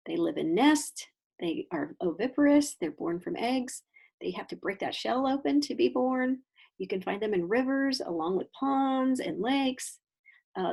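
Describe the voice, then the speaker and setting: Female kindergarten teacher reading a picture book aloud; higher voice with some fry, asks the kids questions, explains as she goes. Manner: animated, questioning storybook voice for children.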